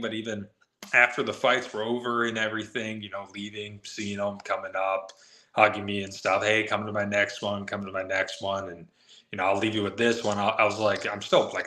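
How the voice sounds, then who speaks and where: A man's voice: fairly low pitch, reverberant, poor audio. A man on a live sports show, eagerly telling a long anecdote and acting out the quotes of the people in it. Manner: excited, fast anecdote-telling with acted quotes. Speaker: guest MMA reporter. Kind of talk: animated storytelling on a live show.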